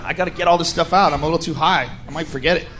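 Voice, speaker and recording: A man doing a loud, profane stand-up comedy set, often shouting and laughing. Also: on the high side, very fast. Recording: live club recording with crowd noise. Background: audience noise.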